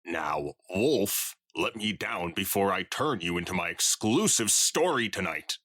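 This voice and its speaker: A man's voice: deep voice, animated, unhurried, bright, forceful tone, no echo, clean studio sound, exaggerated voice. A man voicing a stern veteran male pony journalist in a comedic fanfiction reading, curt and formal.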